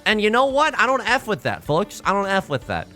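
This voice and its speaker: Animated, bright-voiced joking male streamer. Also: high-pitched, fairly quick, soft background music. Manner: jokey, theatrical and self-mocking. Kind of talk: casual live-stream game commentary.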